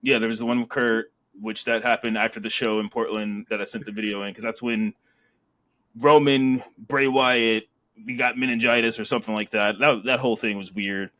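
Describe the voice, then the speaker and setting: A man co-hosting a casual wrestling podcast, rambling through recaps with frequent laughs and animated retellings. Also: on the low side, moderate pace. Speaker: podcast co-host.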